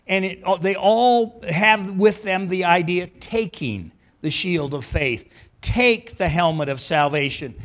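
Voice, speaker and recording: High-voiced man preaching a sermon. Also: fairly bright tone. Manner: teaching, with restarts and rhetorical checks. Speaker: pastor.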